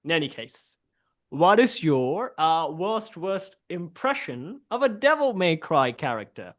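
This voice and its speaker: A man's voice: fairly high pitch, big pitch swings, unhurried, a bit bright. A man hosting an online improv game in a costume persona, playful and laughing, over a video call. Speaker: improv host.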